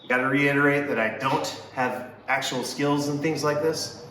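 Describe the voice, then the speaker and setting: A man's voice: medium pitch, steady tone, normal speed, fairly bright tone, a little hiss or hum. A man hosting a car restoration vlog, walking through his build with wry, self-deprecating jokes. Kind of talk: casual joking walkthrough. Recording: echoey workshop, mic at a distance, faint ambience.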